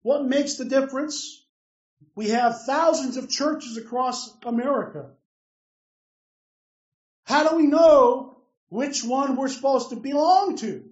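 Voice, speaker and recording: A man's voice: very high-pitched, slow pace, pauses often. A man preaching a sermon, emphatic, putting questions to his listeners and answering them himself. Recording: roomy, distant, dull lo-fi sound.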